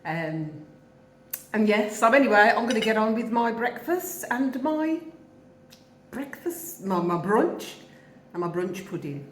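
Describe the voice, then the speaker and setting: A woman's voice: a little high, expressive, measured pace, reverberant. A woman in her fifties from England with a Wolverhampton accent, chatting casually to camera while she eats, rambling and often laughing. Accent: Wolverhampton English. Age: 50s. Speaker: vlogger. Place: home in Jamaica.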